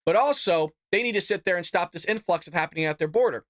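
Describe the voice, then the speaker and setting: A man's voice: high voice, quick pace, fairly bright tone, dry recording, clean studio sound. A man hosting his own political commentary show, talking bluntly and animatedly, with laughing asides. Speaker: host.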